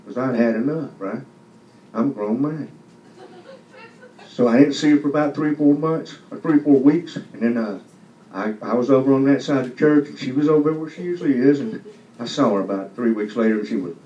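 A man's voice: mid-range voice, brisk, darkish tone, slight background noise. A man giving a loose, conversational testimony to a church congregation, often asking if they understand. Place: church hall. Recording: echoey hall from far off, dull sound.

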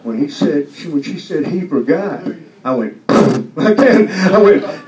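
Guy testifying in a church, dark mellow voice, far off mic, echoey dull sound. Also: a little high, expressive, a little slow, hardly any pauses. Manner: loose and conversational, keeps asking "you understand?". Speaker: church member giving testimony. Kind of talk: testimony to a congregation. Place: church hall.

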